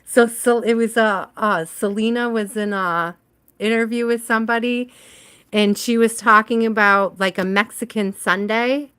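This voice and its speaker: A woman's voice: fairly high pitch, steady tone, measured pace, a bit bright, clean tone. A woman giving a casual livestream tarot reading, chatting with viewers by name and laughing often. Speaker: tarot reader.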